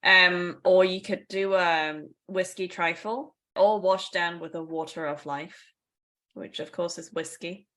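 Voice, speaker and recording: A woman's voice: fairly low pitch, steady tone, a little slow, a bit bright. A woman co-hosting a casual podcast, explaining things in a chatty way with asides and small laughs. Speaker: podcast co-host.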